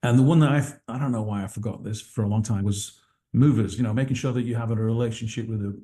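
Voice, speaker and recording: A man's voice: lowish voice, fast talker, dark tone. A man from England with an English accent, a guest on a video call interview, chatty and explaining things at length. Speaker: guest team owner.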